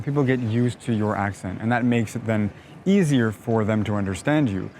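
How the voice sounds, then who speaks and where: A man with a North American accent, an English coach explaining pronunciation in a measured, emphatic teaching manner. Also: medium pitch, darkish tone, a little hiss or hum. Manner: measured, emphatic teaching delivery with frequent "now". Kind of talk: explanatory video lesson.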